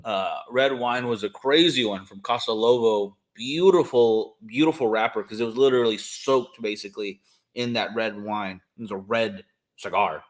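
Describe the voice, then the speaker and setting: A man's voice: lowish voice, normal speed. A man co-hosting a podcast in a casual chat, rambling and enthusiastic, with many fillers. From California. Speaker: podcast co-host.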